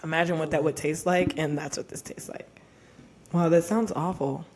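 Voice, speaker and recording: A woman's voice: low voice, fairly even intonation, moderate pace, a little mellow. A tipsy woman co-hosting a podcast at home, joking bluntly and swearing in loose, casual chat. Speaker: podcast co-host.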